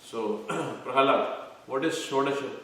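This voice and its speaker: Guy teaching a scripture class, goes slow and quizzes people, heavy echo, mic far away. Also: medium pitch, a little hiss or hum. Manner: explains terms slowly, quizzes listeners. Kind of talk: devotional scripture lecture. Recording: echoey room, mic far off.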